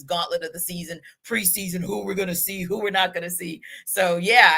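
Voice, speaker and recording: A woman hosting a sports talk podcast, upbeat and chatty and quick to laugh. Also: lowish voice, bright, forceful tone. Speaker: podcast host.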